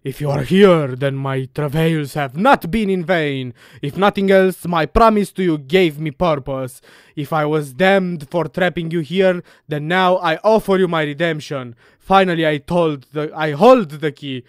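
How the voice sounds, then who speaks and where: A woman's voice: low voice, unhurried, dry recording, clean studio sound. A woman reading aloud in the grave, declaiming voice of a solemn, mysterious man who writes a letter.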